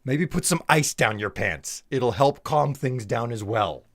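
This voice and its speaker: A man's voice: mid-range voice, lively intonation, measured pace, fairly bright tone. A man streaming a game live, exasperated and swearing, teasing his chat.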